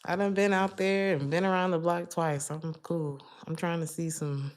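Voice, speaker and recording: A middle-aged woman giving a casual tarot reading on a live stream, talking in a chatty, sassy and animated way. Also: fairly low pitch, moderate pace. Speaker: tarot reader.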